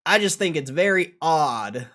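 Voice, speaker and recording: A young man casually reacting and commentating on a livestream, loose and swearing, often getting loud. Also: a little high, lively intonation, measured pace. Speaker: stock streamer.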